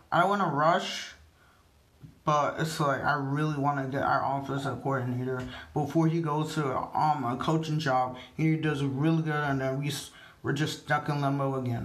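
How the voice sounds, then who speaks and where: High-voiced man ranting in an echoey room. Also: a bit bright. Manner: frustrated, profane, rambling. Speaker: sports fan vlogger. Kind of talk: fan rant to camera. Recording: roomy echo.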